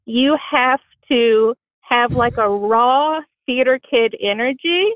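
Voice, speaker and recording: A woman's voice: on the high side, slow pace, no room sound. A woman from Indiana with a Southern American accent, calling in to a podcast, talking in a dry, self-deprecating way. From Bloomington, Indiana. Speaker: caller. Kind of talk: phone-in call. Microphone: phone. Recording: tinny phone line.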